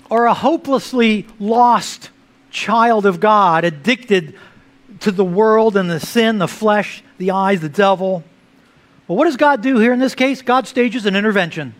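High-voiced preaching man. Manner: preaching with sharp swings between loud emphasis and hushed asides. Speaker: pastor. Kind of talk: sermon.

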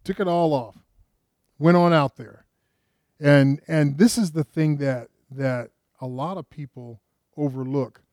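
A man's voice: on the high side, measured pace, a little mellow, dry recording, clean studio sound. A man preaching a sermon, retelling a story conversationally with rhetorical questions and frequent restarts. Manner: frequent restarts, rises with emphasis.

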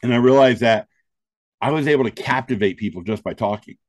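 The speaker is a man with a mid-range voice who talks a little fast, recorded without echo. A stand-up comedian and show host, he's a guest in an interview, spinning lively stories full of quoted lines and frequent "um" fillers.

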